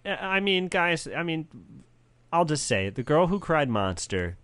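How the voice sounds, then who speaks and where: A man co-hosting a casual podcast chat, explaining things in a rambling, animated way. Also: a little high, measured pace, dry recording. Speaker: podcast co-host.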